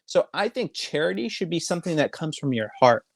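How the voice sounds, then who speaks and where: A man's voice: fairly high pitch, sing-song, a little fast, vocal fry, no room sound, studio quality. A man hosting a podcast, giving opinions in casual chat with many fillers. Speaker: podcast host.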